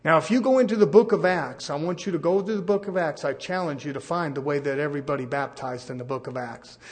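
A man preaching a sermon, swinging from loud to hushed. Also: a little high, fast talker.

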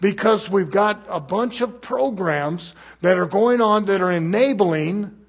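A man preaching a sermon emphatically, swinging between loud and soft and throwing rhetorical questions at the congregation. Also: high voice, unhurried, slightly rough.

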